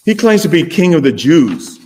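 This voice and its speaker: A man preaching a sermon, emphatic and full of rhetorical questions, with his voice rising and falling in loudness. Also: a little high, very animated, normal speed.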